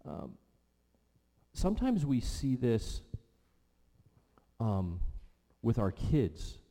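A man's voice: medium pitch, huge pitch swings, extremely slow, dark tone. Emphatic preaching man in a reverberant hall. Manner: emphatic, rising and falling preaching delivery. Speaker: pastor. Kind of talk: sermon. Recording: long church hall reverb.

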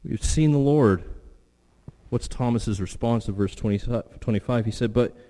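A pastor giving a sermon, emphatic, acting out the quotes he reads and dropping to a hush for weight. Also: medium pitch, normal speed.

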